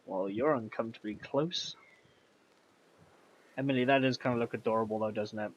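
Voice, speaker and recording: A man's voice: medium pitch, moderate pace. A man streaming a video game, chatting casually and rambling as he reads and answers his chat. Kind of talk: casual gameplay commentary. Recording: slightly dull, faint background music.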